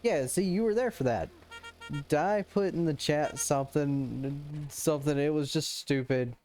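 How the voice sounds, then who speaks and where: A man's voice: a little high, unhurried, darkish tone, faint music behind. A man streaming a game live, chatting casually, joking and laughing often, stumbling and restarting his sentences.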